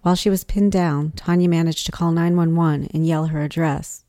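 A woman narrating a podcast story in a measured, scripted way. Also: sits low, fairly even intonation. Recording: loud guitar music beneath.

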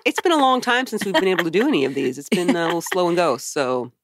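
A woman's voice: lowish voice, animated, quick pace, a little hiss or hum. A woman in her thirties co-hosting a podcast, chatting casually and swearing with asides. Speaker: podcast co-host. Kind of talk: casual chat.

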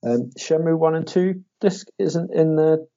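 A young man in casual chat, animated, swearing and laughing as he acts out quotes. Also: on the high side, a little slow. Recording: dull lo-fi audio.

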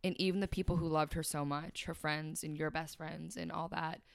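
A young woman speaks a little fast in a deep, gravelly voice with flat delivery, candidly sharing emotional details of her life as a podcast guest. She uses many "like" fillers and quotes others, and the dry studio sound is clean.

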